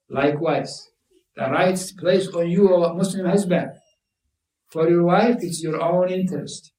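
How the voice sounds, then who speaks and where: Male preacher, fairly high voice, heard from a distance in a roomy space, giving an emphatic, repetitive sermon. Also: a little mellow. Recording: echoey room, mic at a distance.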